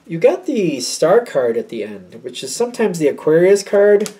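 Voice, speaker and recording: A man's voice: on the high side, very animated, moderate pace, warm tone. A man doing a casual tarot card reading, chatty and thinking aloud with many fillers. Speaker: tarot reader.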